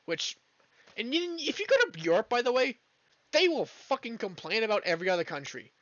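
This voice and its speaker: A man's voice: extremely high pitch, sing-song, brisk, a bit bright, no echo, lo-fi sound. A man streaming a game while ranting in a casual, rambling, foul-mouthed way, often trailing off mid-thought. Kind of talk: casual rant while gaming.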